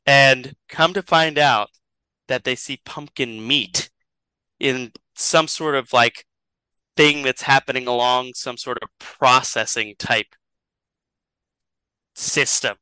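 A man's voice: mid-range voice, slow pace, long pauses, sharp tone, smooth, dry recording, low-quality recording. A man improvising a comedic story as a podcast host, rambling and chuckling as he goes.

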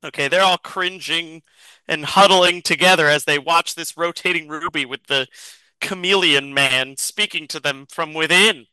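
A man narrating a tabletop game as game master in a slow, deadpan way. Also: on the high side, clean tone, no room sound, poor audio.

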